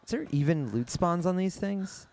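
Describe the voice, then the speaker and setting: A man streaming a game live, thinking out loud and swearing casually as he plays. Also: sits high, lively intonation, moderate pace, soft background music. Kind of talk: live gameplay commentary.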